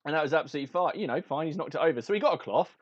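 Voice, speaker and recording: A man's voice: fairly high pitch, animated, rapid-fire, dull audio, a crowd in the background. A man chatting on a podcast, rambling through a story with lots of restarts and chuckles. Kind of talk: casual chat.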